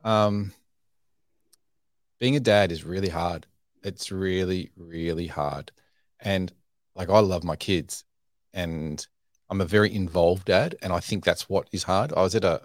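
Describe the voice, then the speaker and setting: A man speaks in a very low voice, caught dry and close to the mic. He chats candidly as a podcast guest, self-deprecating and often restarting his sentences. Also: no room sound. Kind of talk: candid conversational storytelling.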